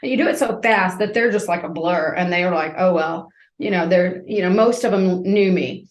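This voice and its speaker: A woman in her fifties tells her story as a podcast guest. She is a lively storyteller who acts out each scene, heard in a roomy, echoing space. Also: lowish voice, moderate pace.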